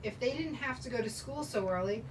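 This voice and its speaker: A woman reading the part of a gentle, heartbroken divorced father, earnest and apologetic, in a scene reading. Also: fairly high pitch, lively intonation, a little fast, close to an everyday voice. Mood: wistful. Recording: distant mic, noisy background.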